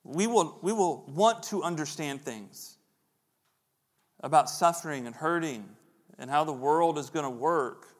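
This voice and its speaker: Conversational preacher, fairly high voice. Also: male voice, a little slow. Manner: conversational, acts out voices in quotes. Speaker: pastor. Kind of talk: sermon.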